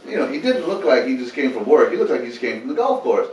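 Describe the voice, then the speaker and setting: A man's voice: medium pitch, quick pace. A man who founded a homeless ministry, telling stories earnestly as an interview guest and acting out what people said. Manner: animated storyteller, acts out quotes. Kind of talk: earnest faith storytelling in an interview. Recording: roomy room, distant mic, faint noise.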